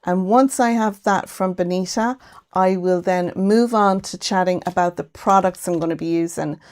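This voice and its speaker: A woman's voice: fairly low pitch, moderate pace, darkish tone. An Irish woman hosting a casual craft livestream from her home craft room, chatting and greeting viewers by name. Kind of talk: casual live-stream chat.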